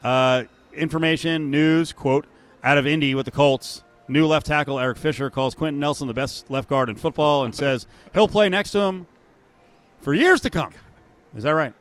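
A man's voice: fairly high pitch, normal speed. A man hosting a sports betting radio show, casual and dryly sarcastic.

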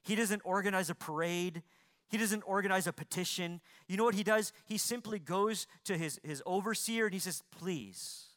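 A man with a high-pitched voice delivers a sermon, asking his congregation questions. His tone is bright and ringing, and he drops from loud, pointed emphasis to soft, pleading near-whispers. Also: moderate pace. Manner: preaching with sharp swings between loud emphasis and quiet pleading; repeats lines for emphasis, asks the congregation questions. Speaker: pastor.

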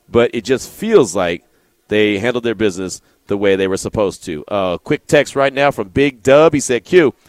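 A man's voice: medium pitch, no room sound. A man hosting a sports talk radio show, chatting casually and reading out listener texts. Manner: relaxed, conversational, reads listener texts.

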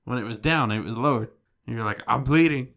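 A man's voice: mid-range voice, a little fast, bright, forceful tone. A man co-hosting a podcast in casual, crude banter, teasing his friend and swearing. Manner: teasing, profane, calls friend fool. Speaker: podcast co-host.

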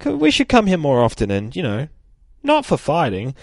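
A bouncy little superhero girl, as a man reading a comic aloud puts her on, pitched high and squeaky with a blunt, cheerful way of talking. The sound is close and dry, with no room around it. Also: huge pitch swings, normal speed, gravelly, a little mellow, no room sound, exaggerated voice.

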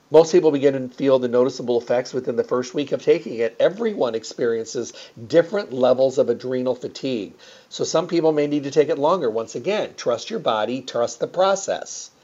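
A man's voice: medium pitch, dark tone. A man talking casually in a mid-range voice, rambling on with plenty of fillers and restarts. The recording is slightly dull and lo-fi. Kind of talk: casual promotional talk.

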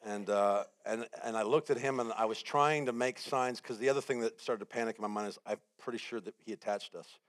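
A man preaching a sermon as guest speaker, telling a story with lively acted-out quotes and building repeated phrases. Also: fairly low pitch, fairly quick, hardly any pauses. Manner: animated storytelling, acts out his own panic and quotes.

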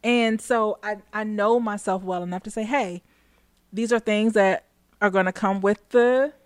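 A woman's voice: medium pitch, fairly even intonation, measured pace, dry recording. Chatty woman co-host, dry sound. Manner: reflective, frequent self-restarts, laughs often. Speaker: podcast co-host. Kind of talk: casual chat.

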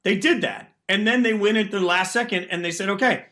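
Energetic high-voiced male sports radio host. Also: a little fast.

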